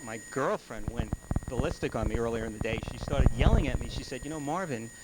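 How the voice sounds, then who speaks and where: A man doing a stand-up comedy set on a club stage, firing off one-liners and briefly putting on voices for the people in his jokes. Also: mid-range voice. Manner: rapid one-liner delivery, quick voices for characters in the jokes. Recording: noisy old club video recording.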